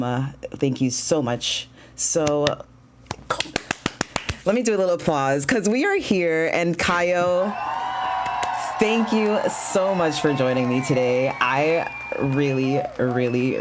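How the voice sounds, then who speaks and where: A man hosting a casual livestream talk show, bubbly and excitable, chatting and greeting viewers. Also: fairly high pitch, slight background noise. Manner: bubbly and excitable, with bursts of shouting and laughter.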